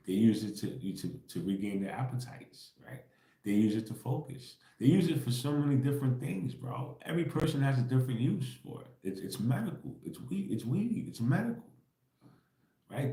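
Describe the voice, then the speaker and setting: A man hosting a livestream delivers a casual spiritual rant, slangy and profane, insistently repeating himself, tagging most points with "right?" and laughing between them. His voice is medium-pitched and warm, in an echoey room.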